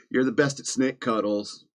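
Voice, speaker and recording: A man hosting a podcast from Virginia, reading news stories with sarcastic, chuckling asides in a casual comedic style. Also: mid-range voice. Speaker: podcast host.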